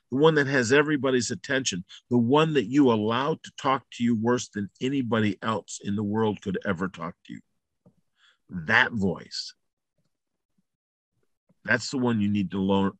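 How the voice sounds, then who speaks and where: A man's voice: mid-range voice, no room sound. Male motivational speaker, emphatic and repetitive, salty language, dry close sound. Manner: emphatic and repetitive, builds to loud peaks. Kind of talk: motivational talk.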